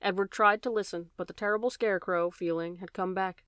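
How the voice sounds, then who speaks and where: Clear-voiced woman reading a storybook. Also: mid-range voice, fairly quick, no echo, studio quality. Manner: steady, gentle reading with shifting voices. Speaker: audiobook reader. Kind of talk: storybook narration.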